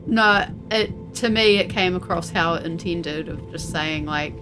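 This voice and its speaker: A relaxed co-player chats on a live game stream, calmly setting their partner straight. Game music plays in the background. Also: mid-range voice, measured pace, poor audio. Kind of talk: casual let's-play chat. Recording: game music playing behind.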